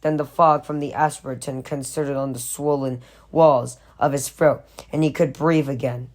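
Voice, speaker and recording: Woman, low-pitched, audiobook reader, horror novel, steady narration, occasional restarts. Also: moderate pace. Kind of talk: reading a horror novel aloud.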